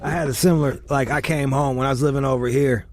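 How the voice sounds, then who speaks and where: A man's voice: mid-range voice, quick pace, no room sound, clean studio sound. A man hosting a casual chat, telling a long story with lots of swearing and acted-out quotes. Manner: profane, animated, quotes people in voices. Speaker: podcast host.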